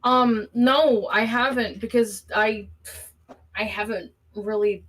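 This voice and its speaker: A woman calling into a live stream, speaking earnestly and haltingly, her breathing shaky from panic. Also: a little high, fairly even intonation, a bit bright, poor audio. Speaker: caller. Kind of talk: emotional call-in conversation.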